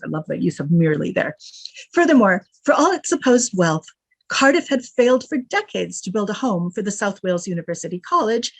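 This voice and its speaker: A woman delivering an academic lecture at a middle pitch, moving between read-out quotations and dry, wry asides. The sound is close and dry, with no room echo. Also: gravelly, breathy edge. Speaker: guest lecturer. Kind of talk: scholarly lecture reading from notes.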